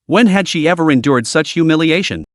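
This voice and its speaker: Give me a man narrating a dramatic comic recap, animated, with a dry close sound. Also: a little high, brisk, no echo. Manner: steady dramatic storytelling.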